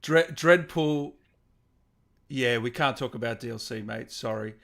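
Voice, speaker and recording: A man's voice: medium pitch, measured pace, vocal fry, a bit bright. Easygoing male host reading questions. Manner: easygoing, joking. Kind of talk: casual interview chat.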